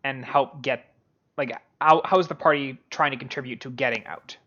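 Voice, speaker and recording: A man's voice: mid-range voice, fairly even intonation, normal speed, bright, forceful tone, highs cut off. A man narrating a tabletop game as game master, rambling with many fillers and restarts.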